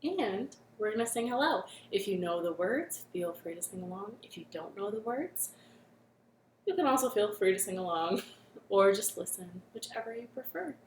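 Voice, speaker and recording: A woman hosting a children's storytime from her living room, speaking gently and encouragingly and singing with a ukulele. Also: mid-range voice, animated, normal speed, roomy sound, slight background noise.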